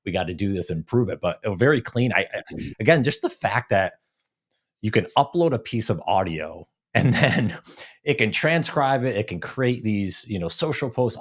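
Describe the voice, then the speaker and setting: A man with a low voice hosts a casual podcast. His questions come out friendly and loose, with frequent restarts. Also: animated, a little fast, husky. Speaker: podcast host. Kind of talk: casual interview talk.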